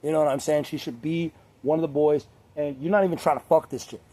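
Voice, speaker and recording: A young man talking casually to camera in a crude, rambling way, laughing often and mimicking others in high voices. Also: steady tone, fast, dark tone. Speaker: vlogger.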